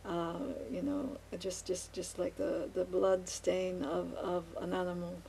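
A woman rambling in a casual monologue while she paints, halting often with fillers and restarts as she muses aloud. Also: on the low side, creaky, warm tone, slight background noise, low-quality recording. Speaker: vlogger.

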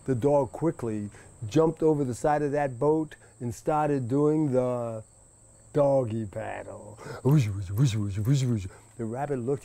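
Male storyteller, unhurried, warm low-key tone, rhythmic repeated phrases, sound effects; dry close sound. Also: dry recording. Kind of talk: oral folktale telling to an audience.

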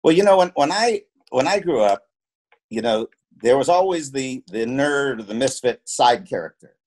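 A man's voice: mid-range voice, animated, moderate pace, darkish tone. A man talks as an interview guest about his work in film and television. He tells anecdotes in an earnest way, often repeating a word as he restarts a sentence. His voice sits in the middle range for a man. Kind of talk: conversational interview, telling anecdotes.

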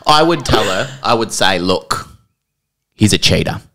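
A woman's voice: rumbling low, expressive, unhurried, a bit bright. A woman co-hosting a comedy podcast in casual chat, playful and teasing, laughing often. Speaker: podcast co-host.

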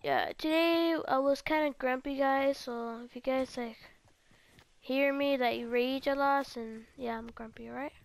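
A woman's voice: high voice, fairly even intonation, unhurried. A teenage girl giving casual, rambling gameplay commentary and talking straight to her viewers. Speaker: gaming video creator.

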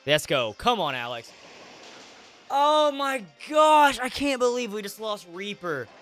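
A young man talks through his game run in an excitable, emotional rush that breaks into frustrated outbursts. His voice sits high and bright, with wide, lively swings of pitch. Faint game music plays underneath. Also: moderate pace. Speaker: gaming YouTuber. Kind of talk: Let's Play commentary. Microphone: webcam setup with headset or desk mic.

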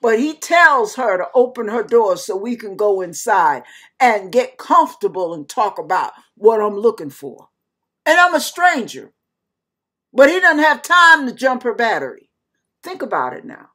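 Lively, bright-voiced woman telling a testimony. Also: on the high side, normal speed, breathy edge. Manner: animated, acts out voices in her story, fussy asides. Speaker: ministry host. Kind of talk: testimony storytelling.

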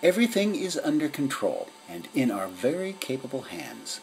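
A man's voice: medium pitch, big pitch swings, normal speed, vocal fry, a little mellow, voice pushed up, low-quality recording. A man voicing a grand, serene female cat detective in a storybook reading, speaking in a stately, self-assured way. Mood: reassuring.

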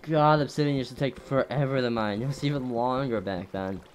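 A gameplay commentator talking over their own play, jumpy and quick to swear, yelping at every scare. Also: mid-range voice, soft background music.

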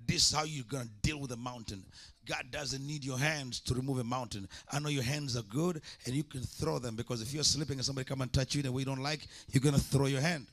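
A man's voice: medium pitch, fairly even intonation, fast talker, fairly bright tone. A man preaching a sermon as an evangelist, impassioned, with repeated call-and-response lines.

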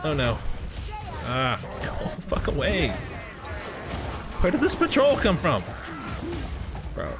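A man giving gameplay commentary, excitable and rambling, swearing often as he plays. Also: a little high, slow pace, pauses often, over music. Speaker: gaming channel host.

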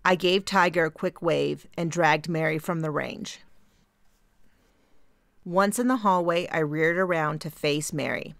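Low, gravelly woman narrating an audiobook. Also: a little slow, a bit bright, no room sound, clean studio sound. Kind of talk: first-person audiobook narration.

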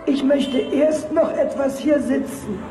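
A calm, slow-talking husband. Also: male voice, very high voice, music in the background. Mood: patient. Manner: calm, polite, short replies. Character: quiet middle-aged husband who just wants to sit. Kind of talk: TV sketch comedy acting. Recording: old TV sketch in an echoey hall.

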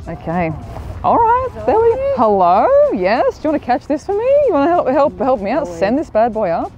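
A young woman, chatting excitedly to camera while walking outdoors in the desert. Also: high-pitched, a little fast, muffled recording, faint music behind. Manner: chatty, excitable, self-mocking. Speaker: vlogger. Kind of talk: casual vlog chat. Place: outdoors in the desert at a live event.

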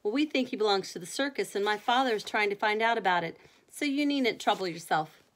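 A woman voicing a calm, sensible older brother in a bedtime storybook reading. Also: medium pitch, fairly quick, lightly acted. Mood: steady.

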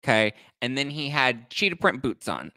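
A young man hosting a casual gossip show, telling stories in a campy, animated way and swearing freely. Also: normal speed, dry recording. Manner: animated, campy, swears freely, acts out quoted people in high voices. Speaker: host.

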